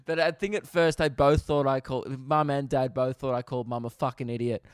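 A man's voice: mid-range voice, steady tone, brisk, clean tone, dry recording, studio quality. Laid-back Australian man telling a story. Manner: laid-back, swears freely, laughs at own story. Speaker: podcast host. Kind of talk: casual storytelling.

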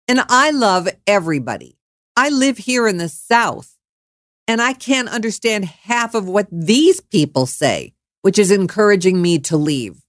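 A woman's voice: fairly low pitch, expressive, a little slow, dry recording, clean studio sound. A woman radio host ranting on air, furious, mocking and swearing freely. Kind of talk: angry on-air rant.

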